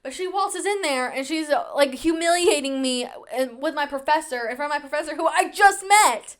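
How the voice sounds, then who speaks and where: A woman in her twenties with a high-pitched voice hosts a podcast at a moderate pace. She tells stories from her own life in a chatty, casual way, self-mocking with a sarcastic edge.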